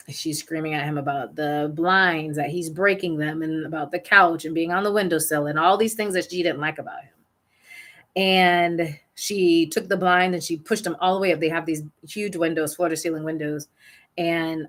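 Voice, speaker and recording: Low-pitched young woman, parent coach, rambling through a story about her kid. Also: a bit bright. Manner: candid, rambling, with small restarts. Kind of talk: personal storytelling monologue.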